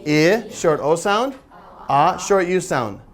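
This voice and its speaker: A man teaches a room of listeners in a phonics seminar, his pitch rising and falling in a lively way. He keeps asking them questions and sounds out letters slowly and deliberately. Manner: quizzing the audience with call-and-response questions; models sounds slowly and carefully. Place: seminar room with a live audience.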